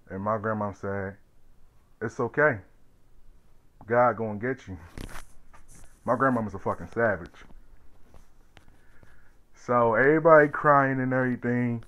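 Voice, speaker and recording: A man vlogging a personal story from his life, animated and blunt, swinging from loud bursts to hushed tones and swearing freely. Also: medium pitch, highs cut off.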